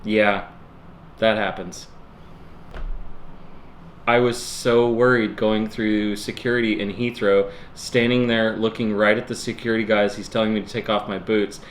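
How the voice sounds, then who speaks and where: A young American man chatting casually to camera as a vlogger, telling stories in a relaxed way and chuckling. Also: on the low side, a little slow. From United States. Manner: laid-back storytelling, chuckles. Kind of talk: casual couple chat to camera. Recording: echoey room with faint background hiss.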